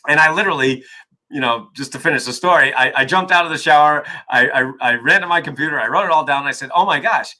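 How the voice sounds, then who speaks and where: A man's voice: fairly high pitch, quick pace, bright, forceful tone, rough recording. A man being interviewed as an author and coach, talking emphatically and often checking in with "right?". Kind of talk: energetic interview talk.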